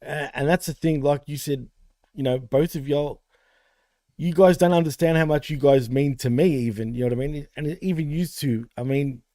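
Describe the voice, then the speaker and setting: A man's voice: fairly high pitch, moderate pace, dark tone, no echo. A man co-hosting a wrestling podcast, paying a rambling, heartfelt tribute to a late friend, full of fillers. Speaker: podcast co-host.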